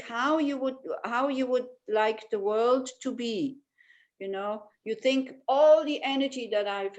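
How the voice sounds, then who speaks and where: A woman's voice: on the high side, low-quality recording. Woman teaching a meditation class online. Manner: warm storytelling, many "you know" fillers. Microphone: video call.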